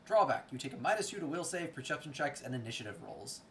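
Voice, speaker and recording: A man acting as game master of a tabletop game, reading out rules in a relaxed way with many fillers. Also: mid-range voice, fast, slight background noise.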